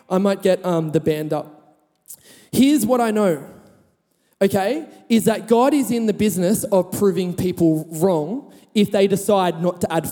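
A high, warm-toned man preaches to his congregation in a chatty, storytelling way. His voice carries a long reverb from a large church hall. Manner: chatty, laughing, rising to emphatic. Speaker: pastor. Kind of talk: sermon with storytelling.

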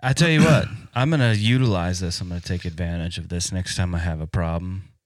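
A man hosting a podcast, steering the questions in a relaxed, upbeat way. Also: deep voice, brisk, no echo, clean studio sound. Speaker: podcast host. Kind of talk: casual chat.

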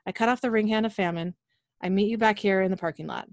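Blunt male angel, flat and literal, read by a woman in a dry room. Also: mid-range voice, fast talker, no echo, lightly acted. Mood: matter-of-fact.

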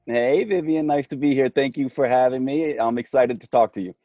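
A middle-aged man, a physician guest on a podcast, talking in a relaxed, chatty way with plenty of fillers. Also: mid-range voice, brisk, dry recording, faint music behind. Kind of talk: conversational interview.

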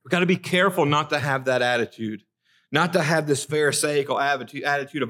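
A man's voice: on the high side, brisk, a bit bright. A man preaching a conversational sermon in a church, reading scripture and talking earnestly, often stumbling over and repeating his first words. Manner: earnest, repeats words when starting sentences. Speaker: pastor.

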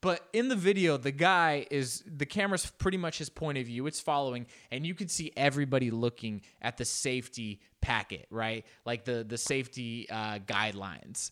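A man's voice: normal speed, few pauses. A man reacting to a news clip in casual commentary, joking and jumping into exaggerated voices. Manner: animated, joking, jumps into exaggerated high-pitched voices. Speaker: reaction video host.

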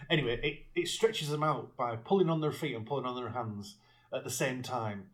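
A man's voice: medium pitch, moderate pace, a bit bright. A man co-hosting a podcast, recapping a film in casual chat, rambling with restarts and occasional chuckles and swearing. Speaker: podcast co-host.

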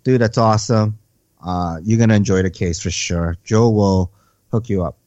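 A man co-hosting a casual hobby podcast, relaxed and agreeable, often hedging what he says. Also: moderate pace, no room sound. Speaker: podcast co-host. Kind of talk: casual chat. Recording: dull bassy mic.

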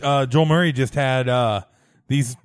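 A man co-hosting a casual podcast, dropping dry, deadpan retorts. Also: mid-range voice, measured pace, clear, resonant tone, dry recording. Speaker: podcast co-host. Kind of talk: casual chat.

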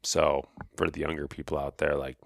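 A man's voice: a bass voice, little pitch movement, moderate pace, gravelly, no echo, studio quality. A man co-hosting a podcast, chatting casually and loosely, with lots of filler words. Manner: laid-back, heavy use of "like". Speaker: podcast co-host.

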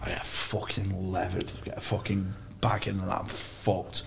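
A man's voice: low voice, flat delivery, moderate pace, gravelly. A man, telling rambling, sweary anecdotes on a podcast. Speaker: podcast co-host. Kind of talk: casual storytelling chat.

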